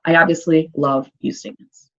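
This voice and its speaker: A woman's voice: low-pitched, steady tone, normal speed, vocal fry. A woman social worker giving an upbeat, encouraging talk to parents, chatty with fillers, with a Midwestern American accent. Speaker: early childhood social worker. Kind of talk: recorded presentation for parents. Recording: dull lo-fi recording.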